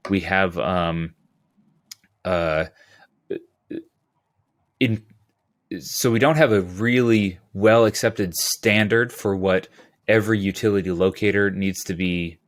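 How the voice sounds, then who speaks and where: A man from California talking as a podcast guest, rambling and animated, with quick asides and restarts. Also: low-pitched. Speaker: podcast guest, utility locator. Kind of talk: casual interview talk.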